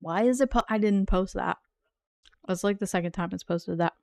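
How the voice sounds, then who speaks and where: A woman streamer talks casually to her live chat, playful and teasing and quick to laugh. Her voice is smooth and clear, with a middle pitch, and the sound is dry and close with no room echo. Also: darkish tone. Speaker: game streamer.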